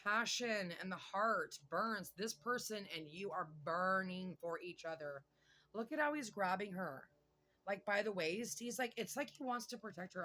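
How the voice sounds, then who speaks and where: Woman tarot reader, bright edgy tone, loose and gabby, curses casually, thinks out loud. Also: medium pitch, slight background noise. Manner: chatty, excitable, swears casually, pauses to think aloud. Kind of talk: casual tarot card reading.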